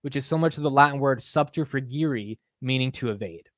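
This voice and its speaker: A man's voice: mid-range voice, brisk, no echo. A man hosting a live market stream, chatting loosely, joking at his own expense and saying "dude" a lot. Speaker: livestream market show host. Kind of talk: casual live-stream chat.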